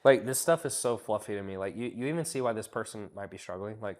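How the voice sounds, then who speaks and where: A man's voice: lowish voice, fast, hardly any pauses, darkish tone. A man giving a casual business coaching session, blunt and profane as he critiques a client's work.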